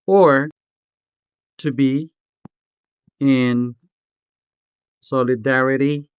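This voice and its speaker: A man's voice: mid-range voice, clean tone, no echo, muffled recording. A man, a Hiligaynon speaker, narrating a scripted language lesson and carefully pronouncing example words. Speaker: language tutor.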